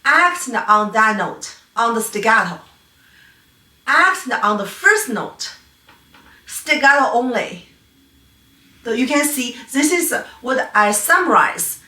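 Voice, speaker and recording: A female piano teacher whose first language is Chinese gives a patient online lecture on playing technique, her voice a little high with big pitch swings. She speaks slowly with long pauses, sounding pushed and bright, and her phrasing is non-native. She's far from the mic in an echoey room.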